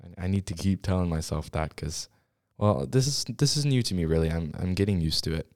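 A young podcast host with a very low, slightly mellow voice chats casually on his own in a small school podcast studio, rambling and restarting sentences. He talks in quick bursts and keeps running short of breath between them. The sound is dry and close, with no room echo.

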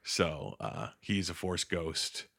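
This young podcast host's low voice swings widely in pitch and sounds creaky, a bit bright, and slightly rough as he speaks slowly. He's recapping a film in casual chat, cursing and acting out characters in silly voices.

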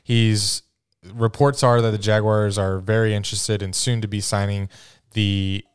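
A young man co-hosting a casual podcast, easygoing and halting with many fillers. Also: on the low side, level tone, smooth. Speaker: podcast co-host.

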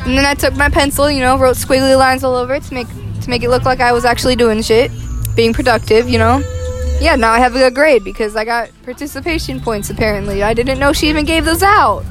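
A woman's voice: high-pitched, fast talker, over music. A teenage girl on a bus telling a rambling, profane story in casual chat as a student podcast co-host.

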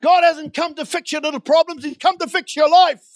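A man's voice: very high-pitched, fairly even intonation, a little fast, no echo. A man preaching a sermon in a church, reading scripture and building to emphatic, repeated declarations.

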